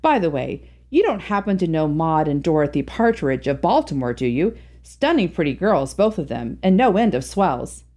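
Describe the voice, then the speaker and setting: Brief: woman voicing offhand, breezy young man, storybook reading, lively delivery. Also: low voice, normal speed, hardly any pauses. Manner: airy, offhand. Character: glib, breezy young gentleman.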